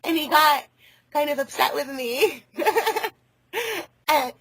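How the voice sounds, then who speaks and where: A woman's voice: high voice, fairly even intonation, slow pace, a loud crowd. A woman on a phone call who rambles, loses her train of thought and laughs often. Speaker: caller.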